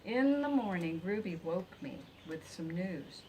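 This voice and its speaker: A woman reading a children's picture book aloud in an expressive way. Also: lowish voice, measured pace, noisy background. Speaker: reader. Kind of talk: storybook read-aloud.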